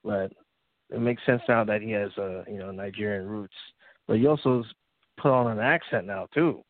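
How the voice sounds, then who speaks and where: A man's voice: fairly low pitch, moderate pace, dry recording. A man co-hosting a casual sports talk show, easygoing and agreeing. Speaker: podcast co-host. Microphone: phone call. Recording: tinny phone line, dry.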